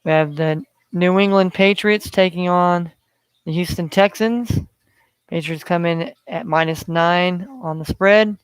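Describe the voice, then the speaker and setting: High smooth-voiced podcast host. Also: male voice, steady tone, a little slow, no echo. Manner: rambling, filler-heavy. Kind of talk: solo sports betting talk.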